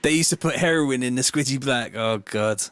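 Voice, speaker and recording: Over heavy background noise, this Bristol man speaks in a mid-range voice at a moderate pace while producing music on a livestream. He's relaxed and rambling, cursing as he reads chat comments out loud, with faint music from his work-in-progress track underneath.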